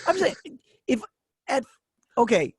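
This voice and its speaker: A man in his early forties co-hosting a podcast, talking in halting restarts with joking banter. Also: extremely high pitch, big pitch swings, husky, no echo, studio quality. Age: 40s. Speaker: podcast co-host. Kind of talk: casual podcast chat.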